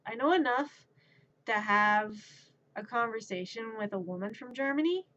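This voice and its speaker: A woman's voice: fairly high pitch, normal speed, bright, forceful tone, dull audio. A woman streamer in a casual chat who rambles, mocks herself and laughs at herself. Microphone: streaming microphone.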